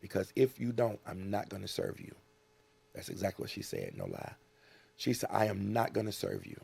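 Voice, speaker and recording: A man's voice: sits low, wildly swooping pitch, normal speed, gravelly, a little mellow, husky. A man from the United States, a guest in an interview, telling a personal story earnestly and acting out what people said.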